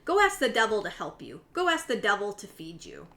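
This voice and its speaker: A woman reading aloud the words of a stern, zealous mother who lectures in a loud, reproachful tone. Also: medium pitch, wildly swooping pitch, fairly quick. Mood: scolding.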